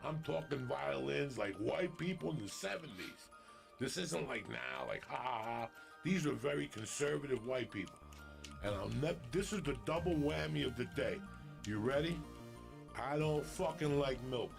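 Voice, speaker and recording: A man's voice: medium pitch, normal speed, vocal fry, music in the background. A man in his fifties from New Jersey, telling a story on a podcast, swearing freely and acting out the people in it. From New Jersey, USA. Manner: profane, animated, acts out quotes. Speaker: podcast guest.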